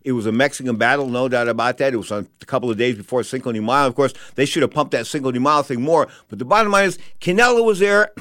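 A man's voice: mid-range voice, quick pace, hardly any pauses, a bit bright, no room sound, clean studio sound. An older man hosting a boxing show, rambling and fiery, often stumbling over names and repeating himself. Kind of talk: casual opinionated commentary.

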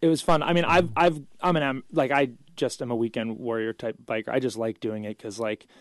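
A man in his thirties, a filmmaker and actor, tells animated stories as a talk-show guest, laughing often and using plenty of fillers. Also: medium pitch, fairly quick, no room sound. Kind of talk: casual interview storytelling.

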